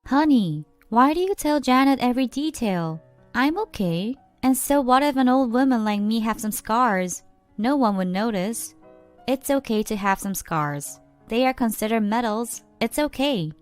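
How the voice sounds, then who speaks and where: A woman's voice: on the high side, animated, normal speed, faint music behind, lightly acted. A woman voicing a humble older mother who soothes and reassures her family, in a read-aloud story. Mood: reassuring.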